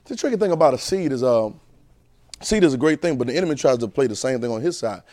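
A man preaching a sermon, emphatic and repetitive, who swings from shouts to quiet asides and keeps asking the congregation rhetorical questions in colloquial speech. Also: medium pitch, lively intonation, fast talker, dry recording, studio quality.

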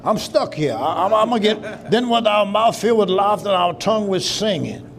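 A man pastor preaching a sermon in call-and-response style, breaking into shouts, in a church. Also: high voice, lively intonation, brisk, vocal fry. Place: church sanctuary. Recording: live church with congregation responding.

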